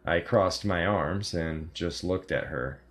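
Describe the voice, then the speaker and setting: A man reads a horror story aloud in a calm, measured style. His voice sits low and the delivery is unhurried. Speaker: narrator. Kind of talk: scripted horror story narration.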